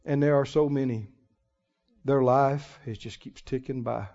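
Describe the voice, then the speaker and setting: A man preaching a sermon as pastor, folksy and emphatic, with sudden loud swells and drawn-out words. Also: medium pitch, steady tone. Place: church sanctuary. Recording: muffled recording in a reverberant church hall.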